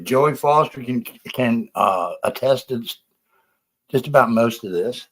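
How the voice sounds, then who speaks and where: A man's voice: medium pitch, animated, slow, a bit bright, breathy edge. A man hosting a casual live stream, rambling and profane as he defends himself, out of breath. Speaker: livestream host.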